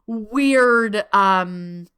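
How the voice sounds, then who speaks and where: Bright-voiced, swearing woman podcaster. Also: drawn-out words, clear, resonant tone. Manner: chatty, heavy swearing and frequent "like" fillers; animated, with sudden jumps up in pitch. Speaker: podcast host. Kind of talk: casual solo podcast monologue.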